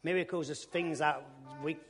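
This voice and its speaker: Guy preaching his testimony, kinda high voice, gets loud and excited, long church echo. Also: normal speed, soft background music. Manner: colloquial storytelling, bursts of loud enthusiasm. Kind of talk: testimony sermon.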